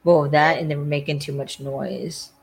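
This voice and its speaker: Over a loud crowd, a podcast host loosely recaps a TV episode, full of "like" and other fillers, acting out what the characters said. The voice is medium-pitched and creaky, at normal speed with fairly even intonation, and the recording is rough.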